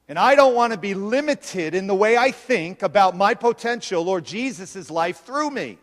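A man delivering a sermon in a high, ringing voice, pressing each point with repeated phrases. His words carry a long reverb, as if spoken in a large hall. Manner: emphatic, insistent preaching with repeated phrases. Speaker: preacher.

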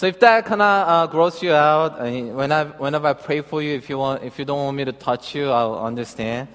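A man preaching in a church sanctuary, his voice carrying a long reverb through the room. He tells his story casually and haltingly, full of ums and uhs, before moving into scripture reading. His voice sits at an ordinary middle pitch. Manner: hesitant, filler-heavy, chatty storytelling. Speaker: pastor. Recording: long reverb of a large hall.

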